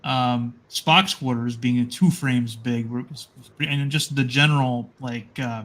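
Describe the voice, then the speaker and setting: A man's voice: medium pitch, steady tone, unhurried, fairly bright tone. A man chatting casually as co-host, rambling with frequent restarts and fillers. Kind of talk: casual chat.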